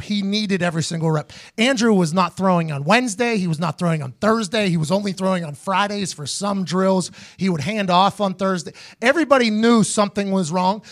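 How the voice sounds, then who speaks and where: A man hosting a podcast, telling a story casually, acting out the other people's voices and swearing freely. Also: sits high. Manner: animated, acts out others' voices in his stories, swears freely. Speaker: podcast host.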